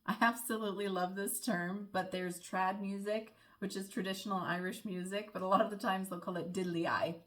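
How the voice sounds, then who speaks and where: A woman's voice: mid-range voice, steady tone, brisk, few pauses, fairly bright tone. Chatty young American woman vlogging. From United States. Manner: chatty, friendly, explaining with small laughs. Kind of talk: casual explainer vlog.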